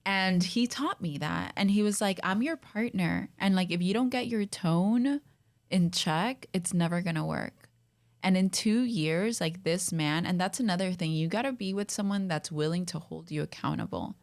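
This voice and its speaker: Chatty young woman, lower voice. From Colombian family. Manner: quick, chatty, peppered with "like". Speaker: podcast guest. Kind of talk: casual podcast conversation.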